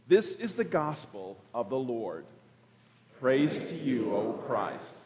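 A man's voice: mid-range voice, big pitch swings, a little mellow. Man reading the gospel in church. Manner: formal, measured reading. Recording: echoey church from afar.

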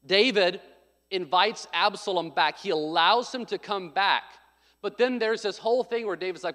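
A man preaching a conversational sermon as pastor, telling stories and swinging between hushed asides and emphatic points. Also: high-pitched, a little fast, in a large hall. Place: church sanctuary.

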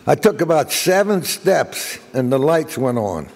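An older man giving a guest speech, telling jokey anecdotes as an animated raconteur. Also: mid-range voice, a little slow, vocal fry, few pauses, in a large hall. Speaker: guest speaker.

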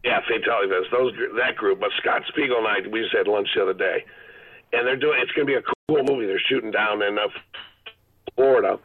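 A middle-aged male actor telling rambling, animated stories as a guest on a phone-in interview. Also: lowish voice, fairly quick, breathy edge. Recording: phone line.

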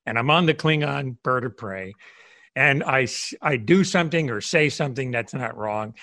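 A man's voice: mid-range voice, lively intonation, normal speed, sharp tone. A man interviewing, chatting as an eager fan who laughs easily. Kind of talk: casual chat.

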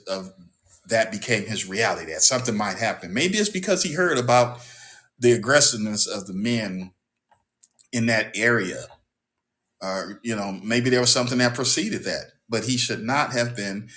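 A male Bible class teacher preaches with emphasis, repeating phrases and leaping up in pitch on key words. His voice sits fairly low but carries a bright, forceful edge. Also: expressive, unhurried.

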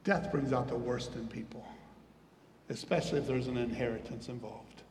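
A man preaching a sermon as a pastor, animated and asking his listeners questions as he teaches. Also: medium pitch, moderate pace, slight background noise. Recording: echoey hall, reverberant.

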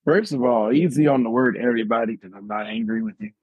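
A man co-hosting a casual podcast with a gravelly, husky voice, joking in a slow, dry way. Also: medium pitch, lively intonation, dry recording, phone-quality sound. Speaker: podcast co-host. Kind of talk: casual chat.

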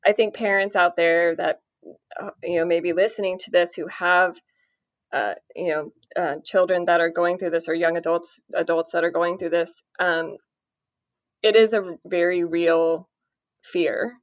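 A woman with a lowish voice speaks in an earnest, measured way and often pauses on fillers. The recording is dry and dull. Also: fairly even intonation, no echo. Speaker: guest, parent of a son with addiction. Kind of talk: conversational podcast interview. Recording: dry, muffled lo-fi audio.

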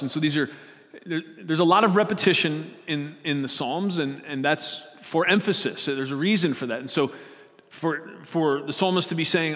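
After reading from scripture, a pastor moves into an earnest sermon, frequently questioning the congregation and going back over his own phrases. He speaks at a normal speed in a fairly bright, higher-leaning voice, with the long reverb of a hall around him.

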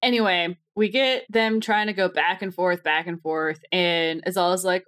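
A woman's voice: on the low side, fairly even intonation, normal speed, fairly bright tone. A woman co-hosting a podcast, chatting playfully with emphatic asides and giggles. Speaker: podcast co-host. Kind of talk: casual chat reviewing a TV serial.

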